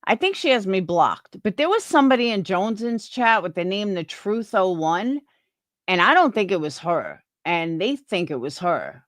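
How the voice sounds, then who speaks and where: A woman's voice: medium pitch, sing-song, normal speed, no echo, clean studio sound. A woman live streamer chatting casually with her viewers, opinionated and rambling, restarting her sentences.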